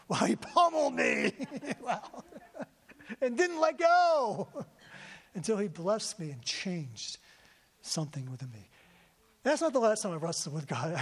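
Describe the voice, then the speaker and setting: A man preaching a sermon to a congregation, telling his story with feeling and often repeating himself. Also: sits high. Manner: emotional storytelling, repeats words. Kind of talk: sermon testimony. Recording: long hall reverb.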